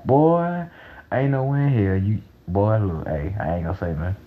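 A young man talking in a casual, rambling monologue, excitable and profane, breaking into loud laughs. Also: lowish voice, moderate pace, phone-quality sound. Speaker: vlogger.

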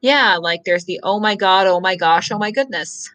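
A man's voice: sits high, bright, forceful tone, soft background music, low-quality recording. Male podcast host, casual, rambles and stammers. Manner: rambling, stammering, quick to laugh. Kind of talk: casual chat.

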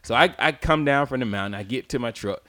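A man on a casual podcast telling a long personal story, swearing freely, laughing through it and acting out his own shouts. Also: mid-range voice, fast talker. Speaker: podcast co-host.

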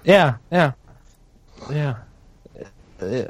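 A man's voice: medium pitch, moderate pace, slight background noise. A man hosting a casual podcast chat. He hesitates a lot, restarts his sentences and laughs easily. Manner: hesitant, many ums and restarts, laughs often. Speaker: podcast host.

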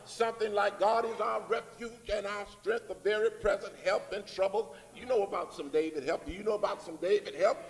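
A man's voice: high voice, steady tone, a little fast, few pauses. A man preaching a Sunday morning sermon in a church, with call-and-response phrases and rising emphatic lines. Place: church sanctuary. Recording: long reverb in a church hall.

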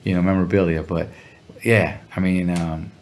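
A man with a low, gravelly voice tells stories in a laid-back, slangy way. He is a musician guest in a casual interview. Now and then he briefly acts out the voices of other people. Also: fairly even intonation, moderate pace, a little mellow. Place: Los Angeles area.

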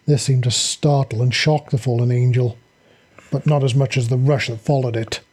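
Guy narrating a fantasy story, dark mellow tone, bit husky. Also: mid-range voice, steady tone, moderate pace. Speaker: audiobook narrator. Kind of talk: reading a fantasy story aloud.

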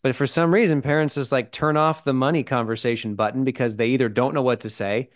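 A man's voice: mid-range voice, fairly even intonation, quick pace. A man co-hosting a podcast, explaining ideas in casual chat and checking in with "right?" and "okay?". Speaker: podcast co-host.

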